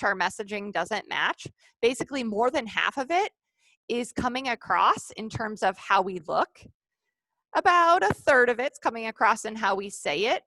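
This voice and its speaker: A woman's voice: medium pitch, bright, forceful tone, no room sound. A woman leading a live online training session over a video call, upbeat and coaxing the participants.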